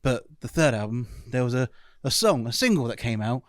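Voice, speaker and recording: A man interviewing a band in a relaxed chat, rambling and laughing easily. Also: medium pitch, brisk, no echo, studio quality.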